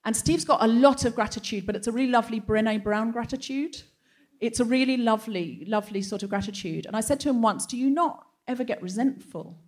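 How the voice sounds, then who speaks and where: A woman's voice: fairly high pitch, brisk. A woman hosting a live comedy show, telling a chatty personal anecdote with wry punchlines, speaking from a theatre stage. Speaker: host.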